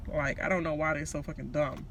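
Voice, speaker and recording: A man from Washington D.C. giving a casual ranting TV recap, profane and animated, laughing and slipping into impressions. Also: on the high side, a little fast, a little hiss or hum. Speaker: recap vlogger.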